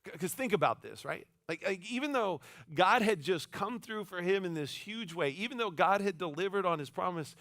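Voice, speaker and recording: A pastor giving a sermon in a church, telling the story in a casual, animated way with playful voiced asides. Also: male voice, high voice, normal speed, few pauses, dry recording, clean studio sound. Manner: casual, conversational phrasing with many restarts.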